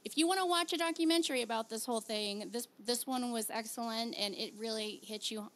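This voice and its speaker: A woman's voice: on the high side, a little hiss or hum. Chatty woman podcast host. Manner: chatty, animated, quick laughs. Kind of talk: casual chat.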